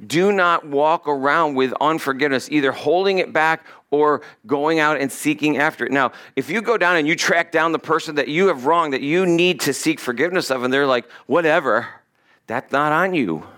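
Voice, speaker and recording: A man's voice: on the high side, brisk, few pauses, fairly bright tone, clean tone. Conversational man preaching a sermon. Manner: conversational and joking, reading scripture aloud. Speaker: pastor.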